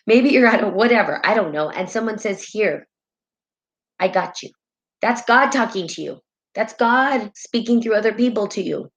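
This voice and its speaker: A woman's voice: mid-range voice, low-quality recording. A woman hosting a spiritual live stream in casual talk, heartfelt and rambling, often tagging her sentences with "right?", and tearful at times.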